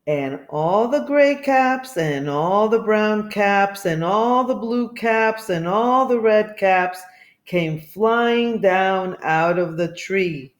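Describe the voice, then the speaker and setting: A woman reading a children's picture book aloud, expressive and asking listeners questions. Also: mid-range voice, takes it slowly. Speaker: storybook reader. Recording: echoey room.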